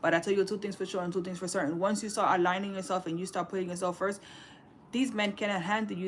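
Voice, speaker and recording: 40s woman, sassy streamer type, calls everyone baby, mid pitch, slight noise behind. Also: fairly even intonation, brisk. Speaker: livestream host. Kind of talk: casual relationship advice to live viewers.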